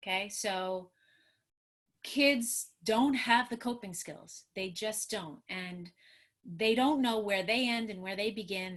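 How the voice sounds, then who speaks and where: On a video call, a middle-aged woman who works as a trauma therapist talks with animation and emphasis in a webinar, voicing both parents and children. Her pitch is medium, captured by the computer mic.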